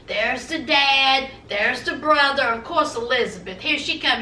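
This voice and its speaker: Sassy high-voiced woman. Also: a little slow, pushed and bright, a little hiss or hum. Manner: sassy, gossipy, acts out the cast's lines. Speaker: recap vlogger. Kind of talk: casual TV recap commentary. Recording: echoey room, mic at a distance.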